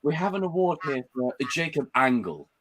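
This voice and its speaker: A man's voice: fairly high pitch, sing-song, normal speed, a bit bright, slight background noise. A young man co-hosting a casual group chat, teasing the others and laughing a lot. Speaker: podcast co-host.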